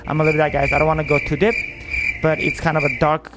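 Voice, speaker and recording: A man's voice: a little high, monotone, fast, over loud music. Rambling man telling a dating story. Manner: rambling, lots of "like" fillers, acts out quotes. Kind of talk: casual storytelling monologue.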